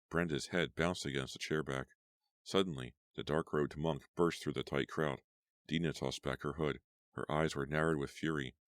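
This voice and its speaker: A man narrating a horror audiobook in a measured, suspenseful reading. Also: a bass voice, no room sound, studio quality. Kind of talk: scripted narration.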